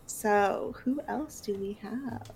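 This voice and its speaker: A woman narrating as game master of a tabletop role-play, relaxed with fillers. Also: medium pitch, takes it slowly, a little hiss or hum.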